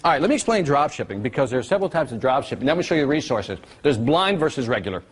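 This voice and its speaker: A man giving a live marketing seminar, animated and teasing, drawing call-and-response from his audience. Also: medium pitch, very fast, slightly rough.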